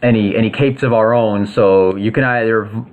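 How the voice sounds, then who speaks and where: A businesslike agency director laying out a deal in a low, halting voice full of pauses and fillers, as a man plays him. He sounds like an everyday speaker, not a showy character. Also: fairly even intonation, lo-fi sound, lightly acted. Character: businesslike middle-aged male agency director.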